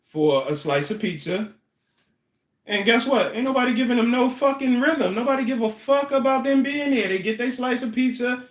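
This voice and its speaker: Man, high-pitched, blunt and preachy co-host, roomy room echo. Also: lively intonation, normal speed. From New York City. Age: 50s. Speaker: podcast co-host. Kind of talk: casual chat.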